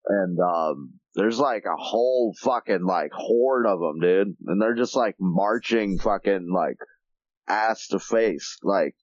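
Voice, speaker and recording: A man's voice: sits low, slow, no room sound, muffled recording. Rambling, swearing man podcaster. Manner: rambling, heavy swearing and filler words, laughs often. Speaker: podcast co-host. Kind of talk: casual chat.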